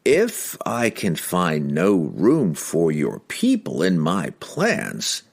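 A man voicing a scheming, pampered male wizard who speaks in a slow, calm, crooning way with an evil edge. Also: deep voice, gravelly, slightly rough, heavily acted. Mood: silky menace.

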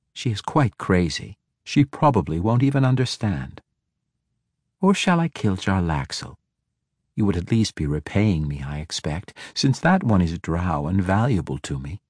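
A man reading a fantasy audiobook, voicing a cruel, mocking female dark elf who taunts her captive. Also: low-pitched, breathy edge, no echo, clean studio sound, heavily acted. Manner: taunting, coaxing, menacing.

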